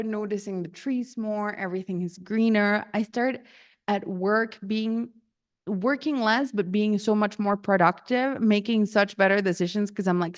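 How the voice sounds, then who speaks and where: A woman's voice: medium pitch, dull audio. A young adult woman telling a personal story in casual talk, acting out quotes and laughing often. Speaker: storyteller sharing personal experience.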